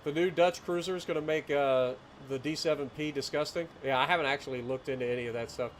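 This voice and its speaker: Fast and a little high, this late-thirties man's voice carries a rural southeastern Ohio accent, with a bit of hiss or hum behind it. He's a rambling storyteller on a gameplay livestream who chats casually, greets chat, and chuckles often.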